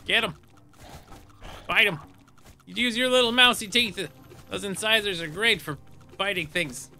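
A man chats his way through a game he is playing, reading the text on screen aloud and breaking into silly hums and sound effects. His voice sits a little high for a man and has a very bright, forceful edge. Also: normal speed. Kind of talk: casual let's play commentary.

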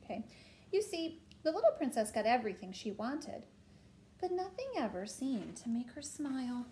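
A woman reading a children's picture book aloud to a child, gently stopping to point at pictures and ask questions. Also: on the high side, sing-song, normal speed, slight background noise.

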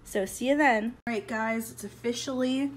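A woman artist chatting casually in a home vlog, excitable and full of fillers, recorded on a phone in an apartment. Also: fairly high pitch, normal speed, poor audio. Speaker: artist vlogger.

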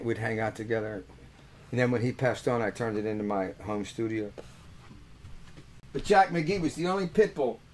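A man's voice: medium pitch, a little hiss or hum. An older man, a musician hosting a webcast, telling rambling, joking, earthy stories between songs. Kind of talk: casual storytelling between songs.

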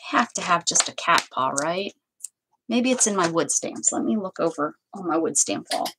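A woman's voice: fairly low pitch, expressive, normal speed, background noise. A woman hosting a crafting livestream, chatting casually to herself and her viewers as she stamps, with playful sing-song asides. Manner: chatty, talks to herself and to live chat, playful made-up sing-song bits.

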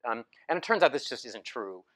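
Guy giving a talk in a hall, chatty storyteller, lots of ums, bright voice. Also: medium pitch, expressive, a little fast. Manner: casual storytelling with many fillers and restarts. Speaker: lecturer. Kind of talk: academic talk with slides. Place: lecture hall.

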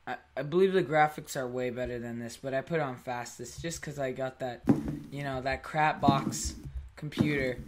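A YouTuber narrating a horror game from their own room, in a slow, mumbling play-by-play. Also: mid-range voice. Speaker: gaming YouTuber. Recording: loud background noise.

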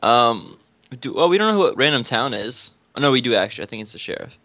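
A man in casual game chat teases his friends, his pitch bouncing around a lot. His voice is recorded close and dry. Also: big pitch swings, quick pace, sharp tone, no echo. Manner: teasing, laughs a lot. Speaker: guest player.

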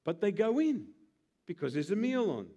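Animated high-voiced male pastor preaching. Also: moderate pace. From Australia. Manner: animated, acts out scenes with put-on voices. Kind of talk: sermon.

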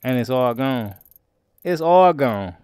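A man streaming a crime roleplay game, talking in character to his viewers in heavy slang and frequent swearing, swinging between low grumbles and loud outbursts. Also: expressive, slow, clear, resonant tone, dry recording, studio quality. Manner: slangy, swears a lot, keeps calling out to viewers.

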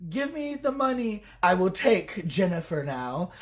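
A woman voicing a shrill, bossy woman who demands money for her daughter, in a squeaky, abrupt manner. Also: sing-song, a little slow. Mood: demanding.

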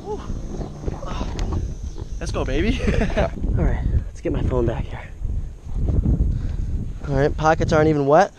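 A man's voice: a little high, sing-song, a little slow, pauses often, noisy background. A young man vlogging his fishing trip outdoors by a creek, talking into an action camera and exclaiming over each catch. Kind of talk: casual outdoor commentary.

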